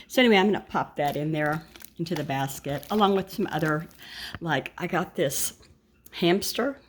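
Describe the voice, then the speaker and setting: An older woman chats her way through a shopping haul, wandering into asides and correcting herself as she goes. Her voice sits a bit low for a woman. She sounds like a friendly grandmother talking straight to the camera. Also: moderate pace, slight background noise. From United States. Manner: chatty and rambling, with asides and self-corrections. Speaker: vlogger showing a shopping haul. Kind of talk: casual chat to camera.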